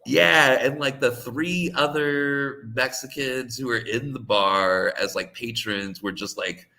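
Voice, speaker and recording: A man's voice: mid-range voice, slow, pushed and bright. A man telling a casual story, rambling with lots of "like" fillers and frequent laughs. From United States. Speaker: co-host.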